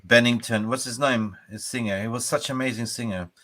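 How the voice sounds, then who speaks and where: A man co-hosting a casual fan podcast, talking with a bright, forceful tone. He is animated and loose, dropping into snatches of song as he goes. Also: medium pitch, a little fast. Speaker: podcast co-host. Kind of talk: casual chat.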